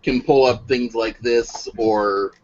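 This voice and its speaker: A man chatting on a video call in a wry, self-mocking way, with many pauses. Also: medium pitch, fairly even intonation. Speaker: roundtable panelist. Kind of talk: casual chat on a video call. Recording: dull lo-fi call audio with faint noise.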